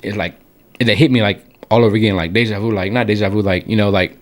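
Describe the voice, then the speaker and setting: A man's voice: fairly low pitch, fast. A young man co-hosting a podcast, telling a story casually and acting out the people he quotes. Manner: animated storyteller, acts out quoted voices. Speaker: podcast co-host.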